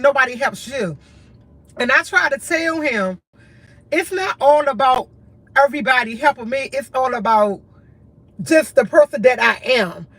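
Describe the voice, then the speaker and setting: A woman's voice: sits high, fairly bright tone. A tired woman, talking candidly and earnestly to her livestream viewers in short, repeated phrases. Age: adult with a school-age son, in college. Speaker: livestream host.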